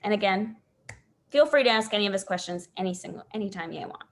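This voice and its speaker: A woman's voice: mid-range voice, lively intonation, quick pace. Chatty woman hosting a video call. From Central Wisconsin. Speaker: host of a team training call. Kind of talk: casual chat on a live video call.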